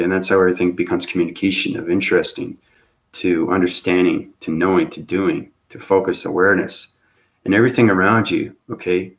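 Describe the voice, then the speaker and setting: Low-voiced man rambling spiritually, tagging "okay?". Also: a bit bright. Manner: repeats "okay?" as a tag after phrases; loose, searching phrasing with restarts. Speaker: channel host.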